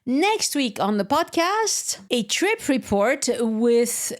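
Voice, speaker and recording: A woman's voice: high voice, slow pace. Woman hosting a podcast. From France. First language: French. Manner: relaxed and conversational, with light laughs. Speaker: podcast host. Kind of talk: solo podcast commentary.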